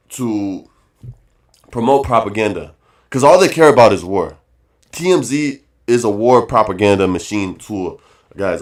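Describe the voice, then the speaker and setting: A man streaming a casual rant, emphatic and repetitive, calling his viewers guys and bro, with fillers between points. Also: fairly low pitch. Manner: emphatic, repeats phrases, says bro and guys often.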